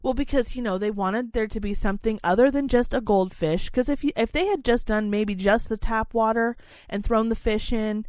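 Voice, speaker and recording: A woman's voice: a little high, normal speed, a little mellow, no echo. A young adult woman telling a story in a casual, angry rant, swearing freely and dramatizing it. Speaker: podcast co-host telling a story.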